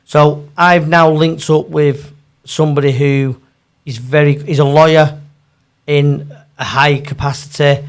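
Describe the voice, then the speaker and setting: Bloke telling stories, lively and chatty, higher-ish voice. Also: male voice, measured pace, clean tone. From Manchester, England. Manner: animated, chatty, acts out dialogue in stories. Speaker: football agent. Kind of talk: casual storytelling interview.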